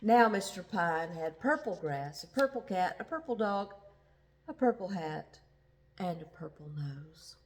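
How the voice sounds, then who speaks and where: A woman reads a children's picture book aloud at an unhurried pace. Her pitch rises and falls widely, and she acts out the sound effects. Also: slight background noise. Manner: slow, expressive read-aloud with sound effects. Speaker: storyteller.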